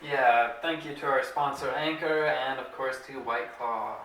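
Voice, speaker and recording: Young male co-host, rambling and halting, bright tone, distant mic in an echoey room. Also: medium pitch, fairly even intonation. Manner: rambling, halting speech with many fillers. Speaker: podcast co-host. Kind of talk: casual comedy podcast chat. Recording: roomy echo, mic at a distance, faint hiss.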